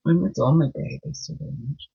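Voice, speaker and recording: A woman's voice: deep voice, a little fast, creaky, dark tone, slightly rough. A woman and medicine woman giving a casual daily card reading, chatty, sing-song and openly emotional. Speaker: spiritual guide and medicine woman. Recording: dull lo-fi sound.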